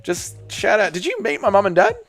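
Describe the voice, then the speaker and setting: A man's voice: high voice, wildly swooping pitch, fairly quick, fairly bright tone, faint music behind. An Australian man hosting a casual live stream, reading out chat messages, swearing freely and bantering with viewers. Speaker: livestream host reading chat.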